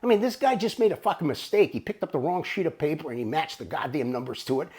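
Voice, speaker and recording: Male storyteller, raspy and gravelly, swinging pitch, profane and rambling. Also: animated, fast, a little mellow. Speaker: storyteller recounting his bookmaking days. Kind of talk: casual storytelling to camera.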